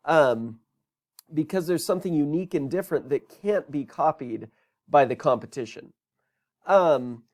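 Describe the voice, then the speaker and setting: A man's voice: fairly high pitch, darkish tone. A man teaching a business course in a recorded lecture, talking conversationally and asking rhetorical questions.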